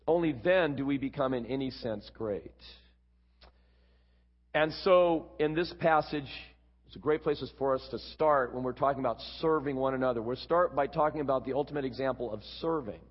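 A man preaching a sermon, explaining a Bible passage with quick asides. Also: mid-range voice. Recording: dull, echoey hall.

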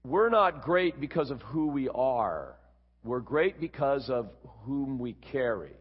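A man preaching a sermon, explaining a Bible passage with quick asides. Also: mid-range voice, big pitch swings, husky. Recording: dull, echoey hall.

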